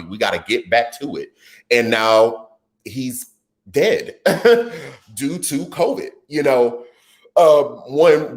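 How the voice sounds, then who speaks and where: Animated, low-voiced man live-streaming commentary. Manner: animated, excitable, jumps into high voice. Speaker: live-stream host reading chat. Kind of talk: casual political commentary.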